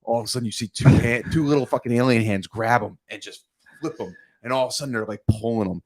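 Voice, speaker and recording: Animated storytelling man with dry sound. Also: medium pitch, fast, dry recording. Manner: animated storytelling, lots of swearing and filler "like". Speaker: podcast co-host. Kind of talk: casual podcast chat.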